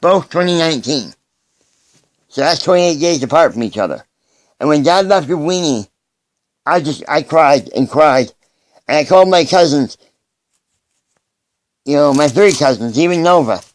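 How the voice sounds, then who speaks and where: A man recording a personal video message, speaking earnestly and haltingly, often restarting his sentences. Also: a little high, lively intonation, no echo.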